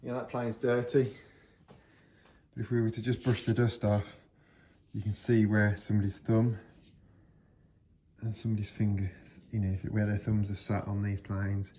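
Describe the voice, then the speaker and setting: Low, flat-voiced man in a workshop. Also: normal speed. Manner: relaxed, explains while working with hand tools. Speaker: woodworker restoring hand planes. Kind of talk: casual workshop talk to camera. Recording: workshop with clear scraping and rasping noise behind.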